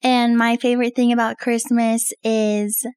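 A woman's voice: fairly high pitch, flat delivery, measured pace, darkish tone, smooth, no echo, studio quality. A woman, the host's sister, briefly introducing herself as a guest on a family podcast, plain-spoken. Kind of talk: casual podcast chat.

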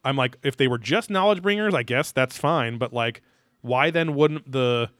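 A man's voice: medium pitch, moderate pace, a bit bright, no echo, clean studio sound. A man hosting a podcast, talking in a loose, rambling way, full of fillers and crude jokes. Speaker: podcast host. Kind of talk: casual commentary chat.

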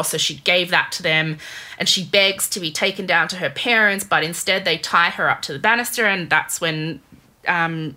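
In a lowish voice, a woman chats with her co-host while casually recounting a true crime story. She's animated and talkative, sprinkling in lots of fillers.

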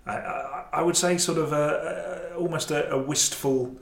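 A man's voice: on the high side, fairly even intonation, moderate pace, creaky. Jokey man hosting, roomy sound. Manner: jokey, chatty, rambling with restarts. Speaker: podcast host. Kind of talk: casual podcast chat. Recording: roomy echo, faint noise.

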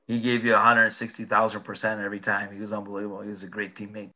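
A man, a former player, being interviewed and telling animated, laughing anecdotes in a casual way. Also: fairly low pitch, racing. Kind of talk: casual storytelling.

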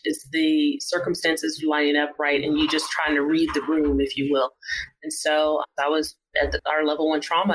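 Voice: mid-range voice, poor audio. A surgeon and author, a guest on a casual interview, telling hospital stories and acting out the quoted lines. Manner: animated, acts out quoted dialogue in the telling.

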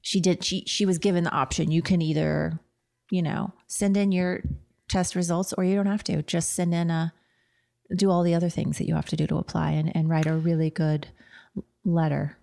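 Gravelly-voiced middle-aged woman chatting. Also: fairly low pitch, level tone, moderate pace, warm tone. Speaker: podcast co-host. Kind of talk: casual chat.

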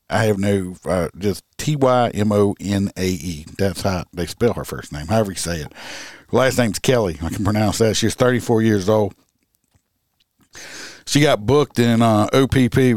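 Man, low voice, profane and rambling true crime host, close dry sound. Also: a little mellow, no echo. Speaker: podcast host and police officer. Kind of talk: casual true crime commentary.

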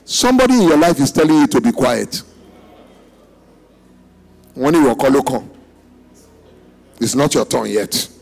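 A man preaching a sermon as pastor at a church service, swinging between loud shouts and near-whispers and calling on the congregation to answer. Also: medium pitch, big pitch swings, normal speed, vocal fry, long pauses.

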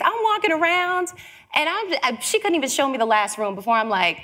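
A woman with a fairly high voice gives a storytelling talk. She is animated and acts out the people she quotes. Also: fairly quick. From Chicago. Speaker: speaker giving a talk.

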